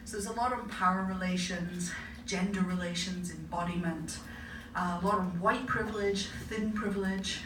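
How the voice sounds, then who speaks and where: A woman's voice: fairly low pitch, fairly even intonation, moderate pace. Wry woman doing stand-up, storytelling, echoey club, mic kinda far, noisy room. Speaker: stand-up comedian and academic. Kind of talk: stand-up comedy set. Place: comedy club stage before a live audience. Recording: echoey live venue, distant mic, noisy. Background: audience laughter and room ambience.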